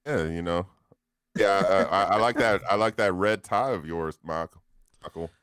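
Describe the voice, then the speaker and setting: A man's voice: deep voice, normal speed, fairly bright tone, clean tone, no room sound, studio quality. A man co-hosting a casual podcast, joking around, laughing often and stumbling over repeated words. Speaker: podcast co-host.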